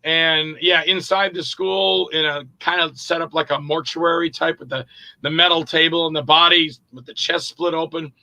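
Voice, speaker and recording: A man's voice: a little high, moderate pace, poor audio. A man, an actor and director, casually telling rambling anecdotes in an interview and acting out other people's lines. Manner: lively storyteller who acts out other people's lines; loose and rambling, with profanity.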